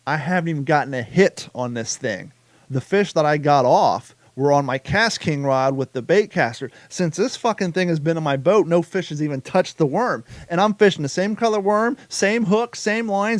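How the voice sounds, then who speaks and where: Animated American podcast host, slightly high. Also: male voice, normal speed, no echo. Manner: animated, swearing, laughs while telling stories. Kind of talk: casual podcast chat.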